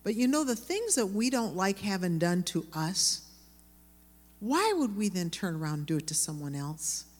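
A woman teaching a sermon to women, with earnest, lively storytelling. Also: medium pitch, big-room sound.

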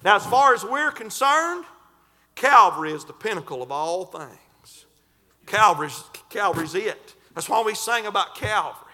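A man preaching a sermon in a fervent, folksy way, stretching and shouting scripture lines. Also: high-pitched, big pitch swings, normal speed. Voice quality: folksy, colloquial.

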